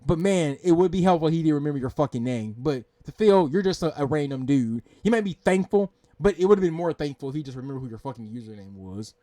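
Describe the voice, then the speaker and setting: A man's voice: a little high, lively intonation, quick pace, few pauses, dark tone, no room sound. A man hosting a reaction video, ranting in exasperation, swearing and repeating himself. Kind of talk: angry rant commentary.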